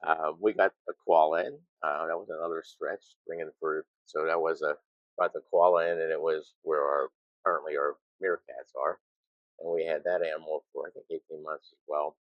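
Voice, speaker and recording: Deep-voiced older man telling zoo stories. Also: steady tone, a little fast, no echo, dull audio. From United States. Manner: rambling anecdotes with self-deprecating chuckles. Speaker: retired zookeeper, guest. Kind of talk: casual storytelling interview.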